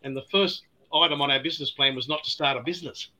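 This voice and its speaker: An older man with an Australian accent, a guest telling anecdotes in a relaxed chat, laughing often and sometimes repeating his words. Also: a little high, fast, crowd noise, rough recording. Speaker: guest distiller. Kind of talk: casual storytelling chat.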